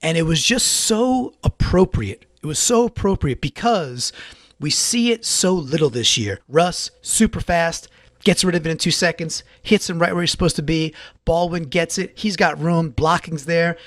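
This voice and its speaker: A man talking fast and with feeling through a solo sports recap, stacking up repeated phrases for emphasis. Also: a little high, fairly bright tone, dry recording, clean studio sound. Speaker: podcast contributor.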